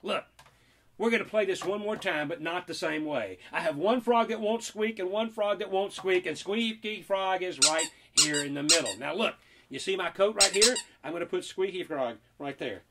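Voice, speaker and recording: A man's voice: sits high, moderate pace, background noise. A man performing a magic trick and talking children through it with playful, teasing, mock-indignant patter.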